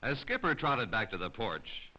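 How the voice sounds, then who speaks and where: Animated male storybook narrator. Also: fairly low pitch, normal speed. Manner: expressive, animated. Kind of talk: children's storybook reading. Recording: slightly dull lo-fi recording.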